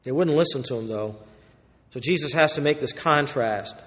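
A man preaching a verse-by-verse sermon, swinging between loud emphatic warnings and quiet low asides. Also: normal speed, long reverb tail. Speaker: pastor. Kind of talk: expository sermon.

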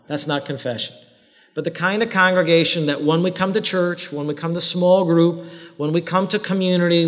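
A pastor giving a sermon in earnest, direct tones. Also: male voice, high-pitched, a bit bright. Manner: earnest, direct preaching with voiced prayers and quoted excuses. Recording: long hall reverb.

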